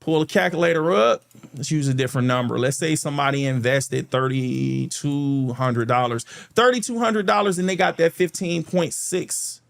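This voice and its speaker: Here a man speaks at normal speed in a fairly high, gravelly voice. He runs a stock market channel and gives a chatty screen-share tutorial on charts, often saying "okay" and referring to viewers as "guys".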